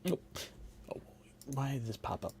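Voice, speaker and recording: The host's voice is medium-pitched, husky, and darkish in tone, his delivery a little slow. Raised in Cleveland and Puerto Rico, he rambles through a casual podcast chat, joking and cutting himself off to start over.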